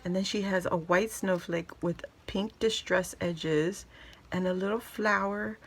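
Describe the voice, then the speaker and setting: A woman's voice: mid-range voice, steady tone, a little slow, breathy edge. A woman vlogger chatting through a craft unboxing, gushing and exclaiming, often swooping up into squeals. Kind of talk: excited unboxing chat.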